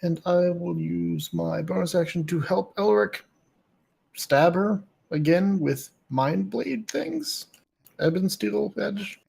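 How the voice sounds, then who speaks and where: A man's voice: sits high, slow, creaky, a little mellow, slightly rough. A young man playing a tabletop game, earnestly and insistently explaining rules to another player. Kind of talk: casual tabletop play.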